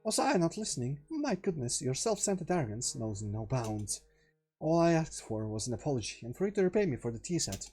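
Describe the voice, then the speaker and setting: A man voicing a cold, formal young woman who speaks softly and holds back her anger. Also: a little high, big pitch swings, a little fast, husky, faint music behind. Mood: icy. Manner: soft, icy, restrained, formal. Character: cold restrained shy young woman Yuri.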